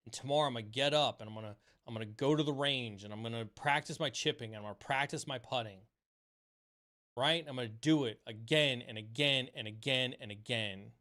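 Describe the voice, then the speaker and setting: A man's voice: mid-range voice, brisk, bright, forceful tone. A man hosting a livestream chat, giving an impassioned, repetitive motivational talk with casual swearing, then answering viewer questions. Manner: impassioned, swears freely, repeats phrases for emphasis. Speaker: streamer host. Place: home streaming setup.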